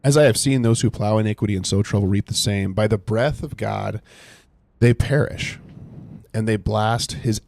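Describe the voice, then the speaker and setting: A man's voice: moderate pace, gravelly, darkish tone, no room sound. A man leading a casual Bible study on a live stream, rambling with many fillers and retelling scripture in everyday words. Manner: reacts to game and chat in low muttering asides. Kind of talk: casual live-stream teaching while gaming.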